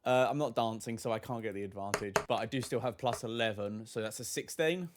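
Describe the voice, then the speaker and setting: A man's voice: lowish voice, brisk, very noisy. A man playing a tabletop game, joking and laughing often. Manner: playful and jokey, often laughing. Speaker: player. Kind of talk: casual chat.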